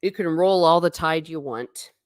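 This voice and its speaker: A woman's voice: sits low, normal speed, dry recording, studio quality. A young adult woman hosting a casual livestream, rambling and chatting as she reacts to her viewers' comments. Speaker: livestream host reading chat.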